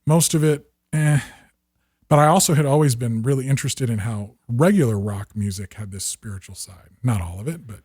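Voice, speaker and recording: Man, 50s, podcast guest. Husky, dry-recorded, animated raconteur. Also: medium pitch, no room sound. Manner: lively anecdotes with acted quotes and quick restarts. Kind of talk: storytelling in conversation.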